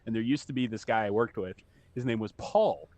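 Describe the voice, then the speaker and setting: A man's voice: lowish voice, brisk, a little mellow, no room sound. A man from California telling a joking story in a casual chat.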